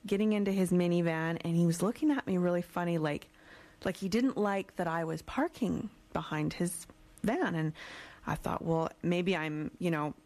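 A woman's voice: on the low side, darkish tone. A woman hosting a radio show, telling a casual anecdote with frequent restarts. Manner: chatty, hesitant restarts. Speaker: radio host.

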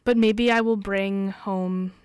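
A young woman co-hosting a casual chat podcast, soft-spoken and full of filler likes. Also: mid-range voice, steady tone, slow, clean tone, dry recording, studio quality. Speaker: podcast co-host.

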